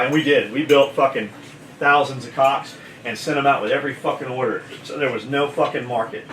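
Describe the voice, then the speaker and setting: A man's voice: mid-range voice, fairly quick, a bit bright, a little hiss or hum. Profane, blunt man telling a story. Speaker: gear company owner telling a story. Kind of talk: casual chat. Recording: echoey room, mic at a distance, faint kitchen clatter.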